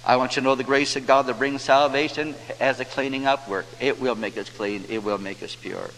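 A man's voice: medium pitch, steady tone, fairly bright tone. Preaching man in a reverberant hall. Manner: preaching with scripture quotes, slowing for emphasis. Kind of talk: sermon. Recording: reverberant hall, faint hum.

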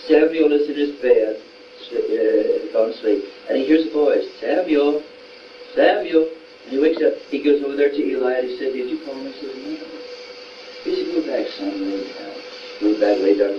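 Distant preacher in a roomy hall. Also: male voice, medium pitch. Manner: homespun, retells Bible stories in quoted voices. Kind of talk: folksy sermon. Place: room with a small gathering. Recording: roomy, distant, dull sound with faint noise.

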